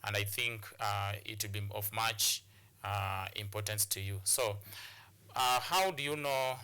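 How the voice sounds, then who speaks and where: Bright-voiced Kenyan man teaching. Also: lowish voice, measured pace, clean tone. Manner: repetitive, hesitant with many fillers. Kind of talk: televised classroom lesson.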